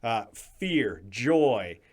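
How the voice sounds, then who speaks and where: Podcast guest: emphatic, lively male storyteller, mid-range voice. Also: medium pitch, very slow. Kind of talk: casual chat.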